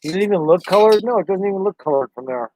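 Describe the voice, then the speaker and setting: A man's voice: high voice, animated, fast, warm tone, slight background noise. A man chatting casually on a live stream, rambling to his viewers and his dog. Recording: dry, dull lo-fi sound.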